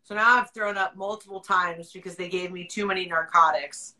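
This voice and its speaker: Bright, candid woman who laughs often. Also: fairly low pitch, fairly even intonation, fairly quick, low-quality recording. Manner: acts out quoted people in her story. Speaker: podcast host. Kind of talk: casual storytelling from a livestream.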